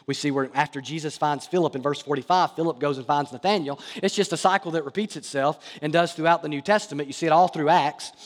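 Guy pastor preaching, high voice, big echoey hall, really earnest and emphatic. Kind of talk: sermon.

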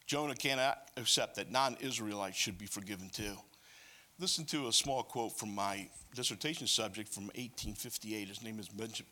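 Lively male preacher with a bright, forceful voice, animated sermon with joking asides. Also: mid-range voice.

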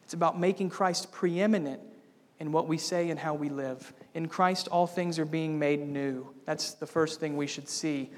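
A man's voice: a little high, steady tone, normal speed. A man preaching a sermon as pastor, building to bold, emphatic declarations. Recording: long reverb of a church hall.

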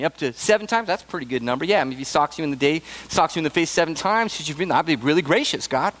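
A man preaching a sermon, earnest and emphatic, who rises to excited bursts and drops to soft, low asides. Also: fast talker, few pauses. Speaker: pastor.

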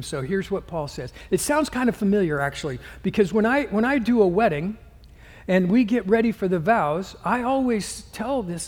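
A man's voice: sits high, darkish tone. Man, pastor, sermon, earnest and emphatic, restarts often, lingering church-hall echo.

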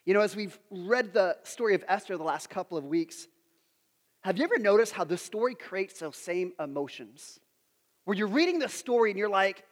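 A man's voice: high voice, lively intonation, moderate pace, long reverb tail. A man in his thirties preaching a sermon, telling self-deprecating stories and putting questions to his audience. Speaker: pastor.

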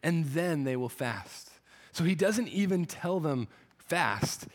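A man preaching a sermon, retelling a story with earnest feeling and frequent restarts. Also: fairly high pitch. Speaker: pastor.

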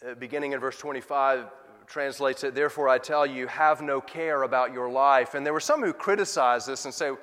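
A male pastor preaching a sermon, moving from loud emphatic questions to soft, quiet asides. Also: mid-range voice, a little fast, hardly any pauses, big-room sound.

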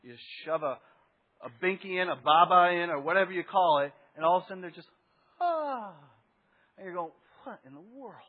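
A man with a high voice delivers a sermon as pastor, talking in a conversational way and breaking off for rhetorical asides. The recording sounds a little dull and muffled. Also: quick pace, big-room sound.

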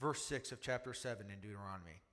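Bright-voiced man preaching in a hall. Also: fairly low pitch, quick pace. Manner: emphatic preaching with rhetorical questions and repetition. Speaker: pastor. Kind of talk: sermon.

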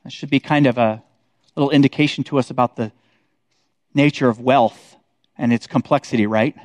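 A man's voice: medium pitch, steady tone, moderate pace, a little mellow, no room sound. A man leading a casual Bible study, talking conversationally and often checking in with his listeners. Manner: conversational, many "like" and "right?" tags.

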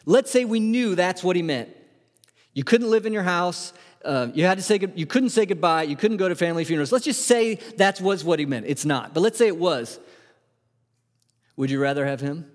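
Animated and a little fast, this man's high voice carries a conversational sermon through a reverberant church sanctuary. As pastor he keeps asking rhetorical questions and frequently restarts his words.

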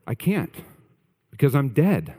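A man's voice: medium pitch, big pitch swings, a little slow, dark tone, husky, long reverb tail, pitched above the performer's own voice. A man voicing a stubborn man who insists he is dead, protesting in a raised voice. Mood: insistent.

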